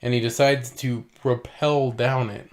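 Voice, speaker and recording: A man's voice: mid-range voice, little pitch movement, unhurried. A man co-hosting a podcast, chatting casually and laughing as he retells a film scene by scene. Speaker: podcast co-host. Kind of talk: casual chat.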